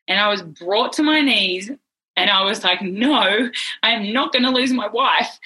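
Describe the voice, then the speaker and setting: A woman guest recounting a hard chapter of her life, her tone bright and a little husky. She talks earnestly and is sometimes close to tears. She slips into lively voices when she quotes other people. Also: lowish voice, low-quality recording. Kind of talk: emotional personal storytelling.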